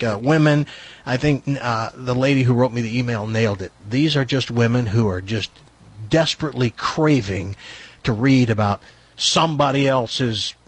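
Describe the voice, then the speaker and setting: A middle-aged man hosts a comic talk radio show, his medium-pitched voice a little husky and breathy. He reads aloud in a mocking, theatrical manner and stops now and then for sarcastic asides.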